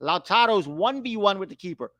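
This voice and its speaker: A man hosting a live match watch-along, calling the play with excitable outbursts. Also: high-pitched, fairly quick, no room sound. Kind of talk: live match reaction commentary.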